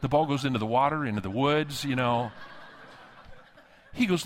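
A man preaching a sermon at a conference, telling a story with lively acted-out dialogue. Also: mid-range voice, normal speed, a little hiss or hum. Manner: animated storytelling, acting out dialogue. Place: conference hall.

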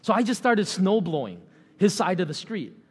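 A man's voice: high voice, sing-song, moderate pace, slightly rough. A middle-aged man preaching a sermon in a loose, conversational way with many fillers and chuckles. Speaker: pastor. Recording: long hall reverb.

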